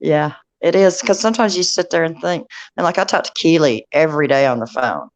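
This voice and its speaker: A woman's voice: deep voice, a little fast. A woman hosting a casual online group chat, rambling and laughing as she talks. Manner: warm, rambling, laughs often. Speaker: stream host. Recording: muffled stream audio.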